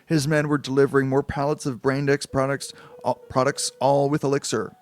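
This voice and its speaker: A man's voice: medium pitch, level tone, a little fast. A man casually reading a novelization aloud on a live stream, with chatty asides. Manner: loose, chatty asides and restarts.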